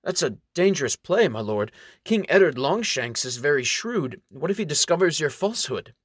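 A man's voice: on the high side, very animated, normal speed, slightly rough, no echo, studio quality, voice pushed up. A man reading the part of a cautious knight who questions his lord's plans. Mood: wary questioning. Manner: questioning, wary. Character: cautious doubting male knight advisor. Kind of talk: audiobook character reading.

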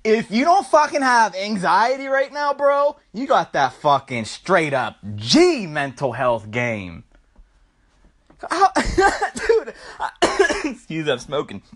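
A stoned young man rambling into his phone for a solo podcast, cursing and throwing in slang constantly. His pitch swings around a lot as he acts out the story. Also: huge pitch swings, slow, fairly bright tone. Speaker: podcast host. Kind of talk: rambling comic monologue.

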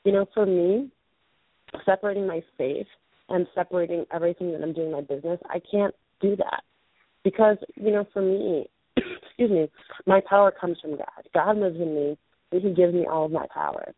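A woman in her late twenties, co-hosting a call-in show, losing her voice and talking earnestly with restarts and throat clearing. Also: on the low side, moderate pace, no room sound. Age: 20s. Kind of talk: casual show announcement. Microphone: phone call. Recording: tinny dry phone line.

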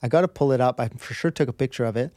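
A man's voice: medium pitch, very fast, warm tone, no room sound, studio quality. A man as a podcast guest, telling a personal story in an earnest, rambling way with many restarts. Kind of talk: candid storytelling in conversation.

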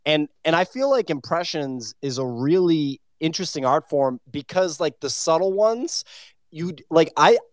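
A man's voice: on the high side, animated, moderate pace, no room sound, studio quality. A man hosting a chat show, talking in a hesitant, filler-heavy, friendly way. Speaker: host. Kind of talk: casual chat.

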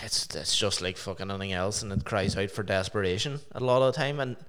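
A man's voice: lowish voice, fast, fairly bright tone, clear, resonant tone. A man co-hosting a podcast in casual chat, talking loosely with lots of swearing and "like". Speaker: podcast co-host.

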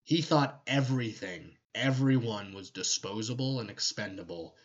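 A man's voice: lowish voice, normal speed, highs cut off. Man animatedly explaining fiction lore. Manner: animated, storytelling, joking asides. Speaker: podcast co-host. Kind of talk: casual lore discussion.

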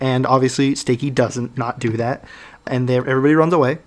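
Male co-host, mid-pitched voice, meandering plot recap full of "uh" and restarts. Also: level tone, moderate pace. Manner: rambling plot recap, hesitant fillers. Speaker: podcast co-host. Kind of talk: casual chat.

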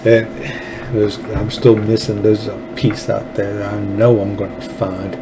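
Texan male host, fervent folksy commentary, slow delivery, faint hiss behind. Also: lowish voice, flat delivery. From Texas. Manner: folksy, fervent, rambling with restarts. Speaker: show host. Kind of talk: political commentary monologue.

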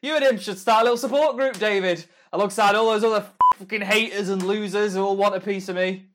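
An actor playing a drunk, brash football manager who swears and shouts in a comedy sketch. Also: male voice, high voice, steady tone, fast talker, heavy background noise, close to an everyday voice. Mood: belligerent.

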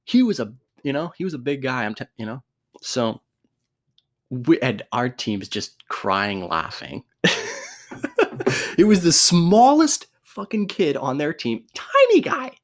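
A man's voice: mid-range voice, big pitch swings, measured pace. A young man telling a sports story casually, laughing often, swearing and restarting his sentences.

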